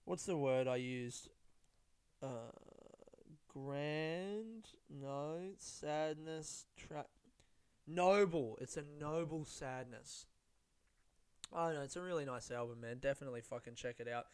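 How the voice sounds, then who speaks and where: Guy doing a solo podcast, swears constantly, wanders off topic, kinda high clear voice. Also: slow. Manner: rambling, swears a lot, self-mocking. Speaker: podcast host. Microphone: studio-style podcast mic.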